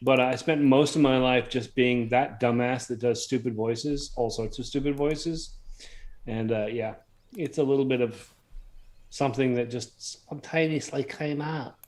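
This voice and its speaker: A man's voice: mid-range voice, fairly even intonation, unhurried, darkish tone. A man co-hosting a casual chat, self-mocking and chuckly. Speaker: podcast co-host.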